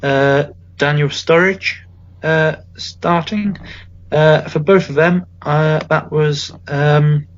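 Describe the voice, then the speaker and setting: A man's voice: on the high side, fairly even intonation, takes it slowly, lo-fi sound, slight background noise. A man co-hosting a casual football podcast, talking in a wry, rambling way with joking asides. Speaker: podcast co-host.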